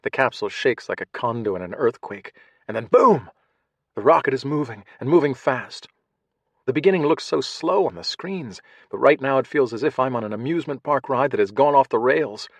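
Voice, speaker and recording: A man reads a first-person audiobook in a measured way, hushed in some passages and tense in others. His voice sits in a mid-range pitch. The recording is dry and close, with no room sound. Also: animated, no room sound. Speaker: audiobook narrator. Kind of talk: scripted first-person narration.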